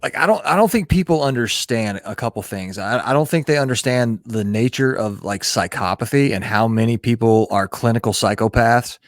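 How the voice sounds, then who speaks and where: A man's voice: mid-range voice, lively intonation, fairly quick, hardly any pauses, no room sound, clean studio sound. A man hosting a podcast, talking casually and explaining his point with frequent repeated words and restarts.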